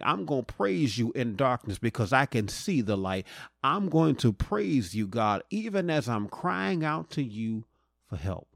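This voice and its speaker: Low-voiced pastor preaching with building cadence. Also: male voice, no echo, clean studio sound. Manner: repetitive rhetorical questions, building preaching cadence; drawn-out emphatic phrasing. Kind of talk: sermon.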